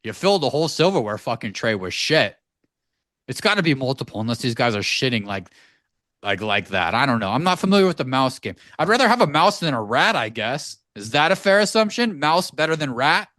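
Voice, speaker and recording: A man co-hosting a podcast, telling a story in an animated, profane ranting way from a home studio. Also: medium pitch, brisk, dry recording. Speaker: podcast co-host. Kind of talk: casual podcast chat.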